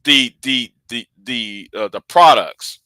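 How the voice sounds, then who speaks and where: Halting man, sharp bright voice. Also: mid-range voice, dry recording. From United States. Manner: halting, many repeats and restarts. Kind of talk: casual political commentary.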